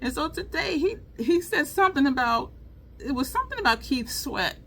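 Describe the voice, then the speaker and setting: A woman chatting casually while doing her makeup, telling a funny story with lots of laughter. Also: moderate pace. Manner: chatty, laughing storyteller, lively swings in pitch. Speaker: beauty vlogger. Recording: faint background noise.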